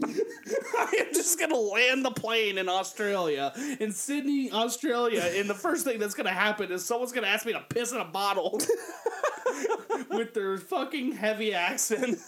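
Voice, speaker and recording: A man's voice: high voice, very animated, normal speed, a bit bright. A man co-hosting a comedy podcast, rambling crudely and laughing through casual chat. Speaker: podcast co-host.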